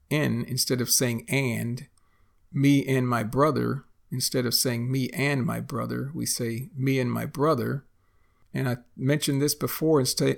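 A man teaching slang in a slow, careful, scripted podcast lesson with examples. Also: mid-range voice, gravelly.

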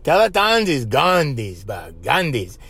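A man's voice: mid-range voice, huge pitch swings, a little slow, a bit bright, breathy edge, dry recording. A man from Hawaii speaking Hawaiian Pidgin, hosting a casual solo podcast in a loose, joking way. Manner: loose and joking, lots of "bro" and laughter. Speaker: podcast host.

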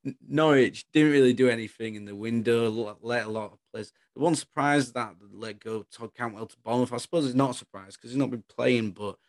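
A man's voice: mid-range voice, a little fast, few pauses, dry recording. A man co-hosting a football podcast, chatting casually in a rambling, opinionated way.

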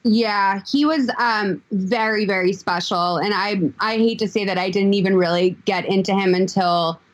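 A woman's voice: mid-range voice, normal speed, dull audio. A woman chatting as a podcast guest. She talks hesitantly, with many fillers and frequent "like". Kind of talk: casual chat.

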